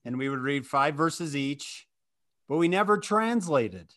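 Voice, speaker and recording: A man hosts a podcast and speaks in a slightly high voice. He teaches scripture and tells stories, acting out the quoted lines as he goes. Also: expressive, unhurried, fairly bright tone. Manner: storytelling, acts out quotes. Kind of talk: podcast conversation.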